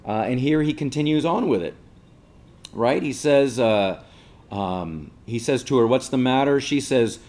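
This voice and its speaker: A man's voice: mid-range voice, a little mellow. A male teacher giving a casual classroom lecture, explaining patiently and checking in with listeners by asking 'right?'.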